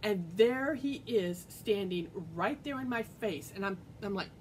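A woman talks straight to her viewers, telling a personal story in a casual, earnest way. She rambles and restarts, with lots of fillers. A faint low rumble sits behind her voice. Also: animated, a little slow, darkish tone, rough recording. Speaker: vlogger.

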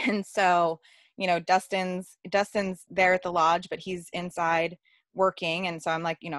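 A woman's voice: on the low side, flat delivery, unhurried, a bit bright, no echo. A woman telling a personal story in a casual, chatty way, with many fillers and frequent laughter. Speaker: workshop participant.

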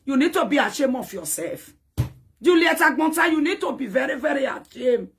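A woman's voice: sits high, expressive, moderate pace, slight background noise. A woman ranting in a dramatic, scolding social media commentary, taunting and repeating herself.

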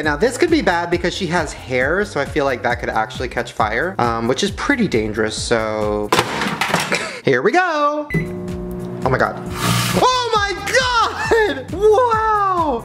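An excitable man hosts a casual home vlog, his voice leaping all over the place as he shrieks, laughs and throws out crude jokes. Background music plays under his talk. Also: mid-range voice. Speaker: YouTube host. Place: at home indoors.

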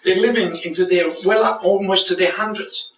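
A man's voice: sits high, brisk. An older man preaching a joke-filled sermon, often asking the congregation for an amen. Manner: lively storytelling with jokes and call-and-response. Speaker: guest preacher. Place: church hall with congregation. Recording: echoey church hall from far off with crowd.

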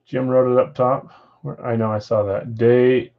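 A man's voice: mid-range voice, steady tone, normal speed, lo-fi sound. A man hosting a live card-break stream from home, chatting casually and reading viewer comments aloud. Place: house with a floor above.

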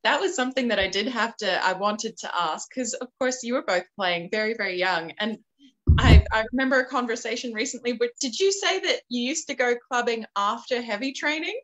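A woman's voice: on the high side, expressive, brisk, a bit bright, low-quality recording. A woman hosting a podcast interview, asking questions in a chatty, amused way. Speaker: podcast host.

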